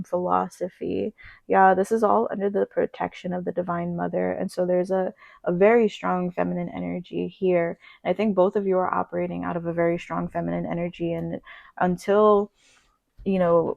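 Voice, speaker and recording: A non-binary reader giving a casual pick-a-card reading, chatty and gushing, with many fillers and soft spiritual talk. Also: mid-range voice, gravelly, no room sound, low-quality recording.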